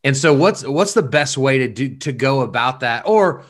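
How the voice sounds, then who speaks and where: A man's voice: medium pitch, animated, normal speed. A man hosting a casual interview, talking in a laid-back, enthusiastic way. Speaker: podcast host.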